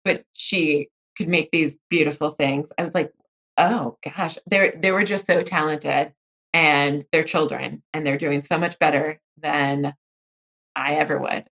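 Chatty woman with a lowish voice. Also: gravelly. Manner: chatty, animated storyteller. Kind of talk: casual chat.

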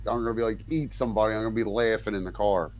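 A man's voice: fairly low pitch, fairly even intonation, racing. A man co-hosting a podcast, making blunt wisecracks in casual chat.

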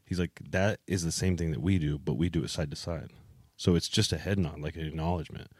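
Deep-voiced crude young man chatting. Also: fast, darkish tone, husky, no room sound. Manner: crude, swearing, laughs often. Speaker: podcast co-host. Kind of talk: casual chat.

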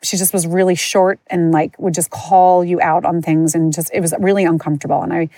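Woman podcaster, personal storytelling, lowish pitch, rambling candid delivery, dry room. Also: steady tone, a little fast, mellow, dry recording. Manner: candid, rambling, many fillers and restarts. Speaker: podcast host. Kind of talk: personal storytelling, casual chat.

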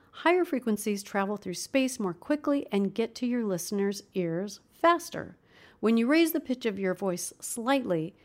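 A woman's voice: fairly high pitch, a little mellow. A woman teaching a voice lesson, coaching listeners through vocal exercises in an upbeat, demonstrative way. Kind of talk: instructional video lesson.

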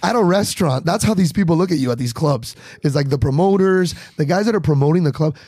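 A young man, a comedian, telling comic stories in a casual podcast chat and acting out quick voices. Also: on the high side, slightly rough, no echo, clean studio sound. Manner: animated, acts out bits with quick quoted voices. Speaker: comedian guest.

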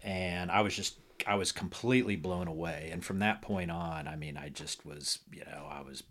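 A man's voice: low voice, moderate pace, fairly bright tone. A middle-aged man chatting casually as a podcast guest, rambling with many fillers and restarts. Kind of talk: casual conversation about music.

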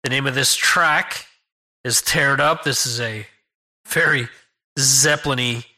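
Bright-voiced male podcast host. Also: mid-range voice, measured pace. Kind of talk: podcast show introduction.

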